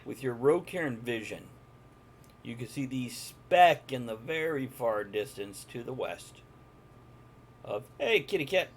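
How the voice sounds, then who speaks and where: A man's voice: mid-range voice, animated, unhurried, a little hiss or hum. A man narrating a live-streamed tabletop game as game master, chatty and jokey, chatting with viewers in between.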